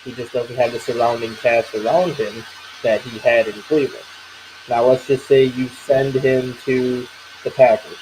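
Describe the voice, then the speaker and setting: Measured man laying out football scenarios. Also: medium pitch, flat delivery. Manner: measured, lays out scenarios step by step. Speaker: panelist. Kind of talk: sports talk argument. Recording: noisy background.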